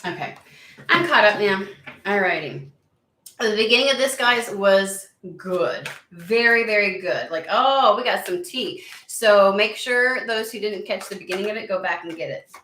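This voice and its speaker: A woman giving a casual, animated tarot reading to her viewers, swearing freely as she talks through the cards. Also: mid-range voice, normal speed. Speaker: tarot reader. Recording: roomy echo.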